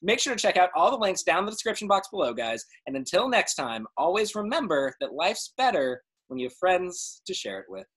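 A man's voice: high-pitched, big pitch swings, fairly quick, hardly any pauses, fairly bright tone, breathy edge. A man hosting a live show, upbeat and playful while chatting with a guest. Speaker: host.

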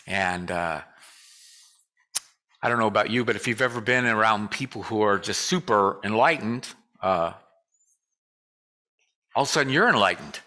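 Bright-voiced man giving a lively casual sermon. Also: on the low side, moderate pace, pauses often. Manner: joking, conversational, leads call and response. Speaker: guest speaker. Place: church sanctuary.

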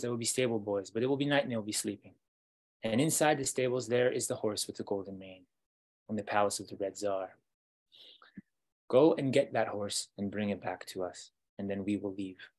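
A man's voice: fairly low pitch, a little fast, darkish tone, close to an everyday voice. A man voicing a wise great gray wolf. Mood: instructing. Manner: patient, instructive.

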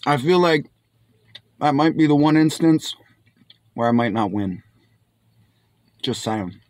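Excited man reviewing canned fish. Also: a little high, takes it slowly. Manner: enthusiastic, keeps saying "my friends"; exclaims while tasting. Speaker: food reviewer. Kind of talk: casual food review vlog.

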